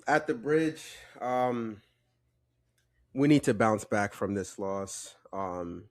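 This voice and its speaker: A man co-hosting a football podcast, giving relaxed, measured opinions in casual chat. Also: lowish voice. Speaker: podcast co-host.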